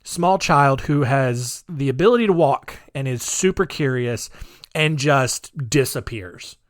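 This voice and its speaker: A man's voice: mid-range voice, unhurried, dry recording, studio quality. A man hosting a podcast, telling a story in a chatty, rambling way with sarcastic asides. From United States. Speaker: podcast host.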